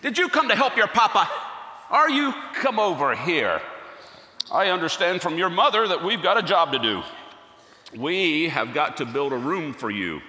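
A man playing a gentle, devout, middle-aged carpenter and father, telling his story earnestly in a first-person stage monologue. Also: medium pitch, animated, measured pace, long pauses. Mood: playful. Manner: earnest, storytelling, softens to near-hush at key moments. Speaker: actor in a dramatic monologue. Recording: echoey hall with long reverb.

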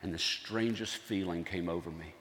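A man playing a gentle, devout, middle-aged carpenter and father, telling his story earnestly in a first-person stage monologue. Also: deep voice, normal speed. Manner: earnest, storytelling, softens to near-hush at key moments. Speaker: actor in a dramatic monologue. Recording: echoey hall with long reverb.

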